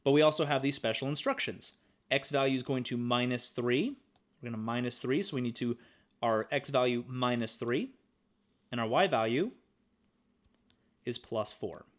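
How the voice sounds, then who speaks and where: A man's voice: mid-range voice, normal speed, pauses often. A young man teaching a screen-recorded math lesson in an upbeat, playful way, humming and making little sound effects while he works. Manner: upbeat, playful, hums and says "boop" while working.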